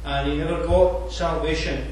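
A Scottish man delivers a sermon in a fairly high voice, wandering off on asides and stumbling over fillers before finding his point again. He is recorded from a distance in a very reverberant room, with faint ambient noise underneath. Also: fairly even intonation, moderate pace, a little mellow. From Scotland. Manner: conversational, digressive, frequent fillers and restarts. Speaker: preacher.

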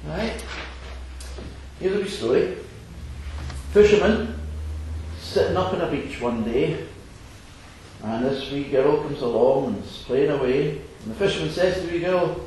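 A man preaching a sermon to an assembly, earnest and animated with occasional chuckles. His voice sits a touch high with a wide, lively swing. The recording is very echoey with faint background noise. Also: a little slow. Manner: earnest, varied, chuckling asides. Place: assembly hall.

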